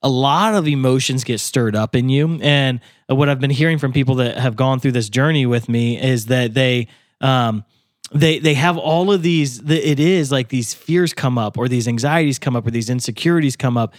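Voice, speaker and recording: A man's voice: mid-range voice, moderate pace, no echo, studio quality. A man co-hosting a faith podcast, speaking earnestly and telling personal stories about prayer. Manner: earnest, storytelling, acts out prayers in quotes. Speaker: podcast co-host and author. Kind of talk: casual faith conversation.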